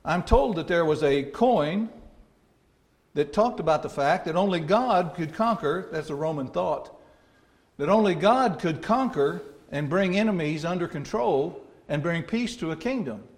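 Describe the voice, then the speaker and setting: Southern preacher guy from alabama, kinda high voice, chatty folksy sermon. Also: lively intonation, unhurried. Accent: Southern American, Alabama. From North Alabama. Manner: folksy, conversational teaching with homey asides.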